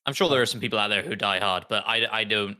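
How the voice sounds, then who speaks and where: A man co-hosting a casual gaming podcast, chatting and asking quick questions. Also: on the low side, bright, forceful tone.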